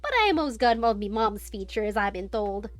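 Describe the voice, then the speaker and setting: A woman's voice: medium pitch, sing-song, normal speed, faint music behind, natural voice. A woman voicing a male spider-like merchant creature with an Australian accent and folksy sales patter. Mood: chummy.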